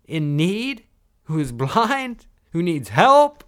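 A man preaching a sermon, swinging between soft, hushed lines and loud, emphatic ones. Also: high-pitched, big pitch swings, slow, long pauses. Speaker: pastor.

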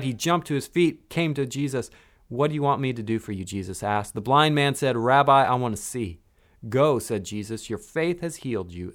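A man delivers a sermon in a middle-pitched voice. He moves between quiet, hushed stretches and loud, emphatic climbs. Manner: dynamic preaching, swings from hushed to loud. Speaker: pastor.

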